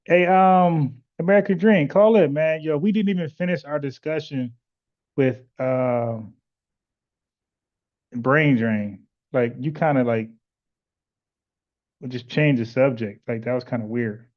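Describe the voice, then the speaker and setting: A man's voice: mid-range voice, takes it slowly, long pauses. A man hosting a call-in podcast, talking bluntly and arguing his points, with lots of "like" and restarts in a casual chat style. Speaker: podcast host taking callers. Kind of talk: casual live-stream chat with callers. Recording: muffled lo-fi audio.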